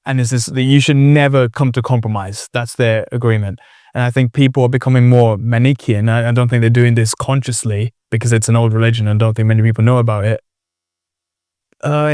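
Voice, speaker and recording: A man's voice: medium pitch, darkish tone, smooth, no room sound. Podcast host guy, midrange voice, lots of um and like, kinda hesitant, dry sound. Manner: hesitant, filler-heavy, searching for words. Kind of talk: casual conversation.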